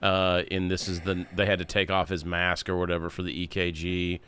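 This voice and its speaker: Deep-voiced, swearing podcast co-host. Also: male voice, a little fast, a little hiss or hum. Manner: animated, swears freely. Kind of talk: casual chat.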